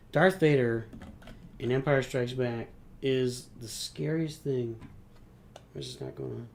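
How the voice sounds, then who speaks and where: A man's voice: mid-range voice, a little mellow, slight background noise. A middle-aged man streaming live, chatting casually as he builds and referring to himself in the third person. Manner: rambling, talks about himself in third person.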